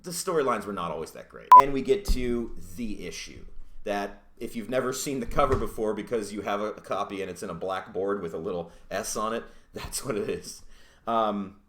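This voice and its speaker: A lower-voiced man talks through a comic book review in a loose, rambling way. He swears freely and restarts his sentences often. His voice rings in a roomy indoor space. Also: lively intonation, moderate pace, pushed and bright, slight background noise. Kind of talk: casual video review. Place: indoors at home. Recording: roomy echo.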